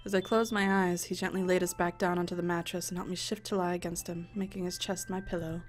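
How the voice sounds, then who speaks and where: A young woman speaks fast in a lowish voice, reading a visual novel's story aloud as she plays. Over faint music, the let's play host keeps interjecting expressive, profane jokes.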